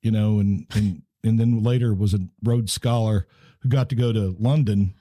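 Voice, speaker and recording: A man talks politics in a loose, wry, rambling way, often restarting his sentences. His voice is mellow and low-key. The sound is dry and close, with no room around it. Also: steady tone, moderate pace, dry recording. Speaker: podcast co-host. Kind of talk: casual political chat.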